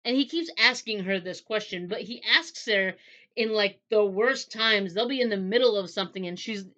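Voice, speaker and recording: Bright-voiced woman chatting about a book. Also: medium pitch, normal speed, highs cut off. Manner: chatty, rambling, acts out dialogue. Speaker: book reviewer. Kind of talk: casual book review chat.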